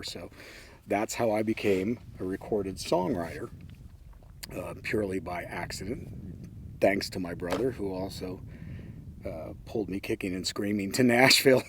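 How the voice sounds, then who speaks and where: An older man telling anecdotes in a relaxed, wry way, with frequent ums and uhs. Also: lowish voice, moderate pace, slightly rough. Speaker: interviewee. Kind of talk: casual anecdotal storytelling.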